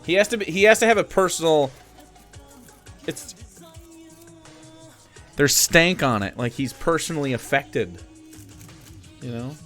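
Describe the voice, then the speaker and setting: A man streaming live, chatting casually and breaking into excited shouts. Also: on the high side, measured pace, long pauses, faint music behind. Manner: excitable, swings into loud shouts.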